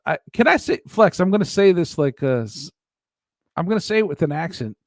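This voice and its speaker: Hosting a casual livestream, a man rambles, jokes and laughs often as he reads viewer comments from chat. His voice sits high and animated, fairly quick, in a dry, studio-quality recording.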